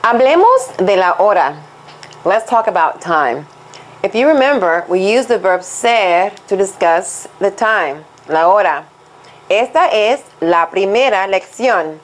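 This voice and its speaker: A woman teaching a scripted Spanish lesson, speaking slowly and deliberately as she switches between English and Spanish. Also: mid-range voice, lively intonation, low-quality recording.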